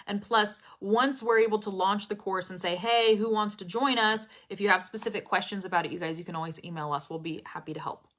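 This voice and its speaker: In a live stream, a young woman teaches her students English pronunciation, speaking very clearly and expressively and laughing often. Her medium-pitched voice is fairly bright, moves fairly quickly, and hardly pauses.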